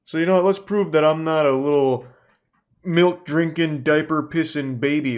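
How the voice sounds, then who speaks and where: A man in his thirties hosting a casual reaction commentary, telling stories in a profane, animated way. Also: a little high, normal speed. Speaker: host reacting to videos.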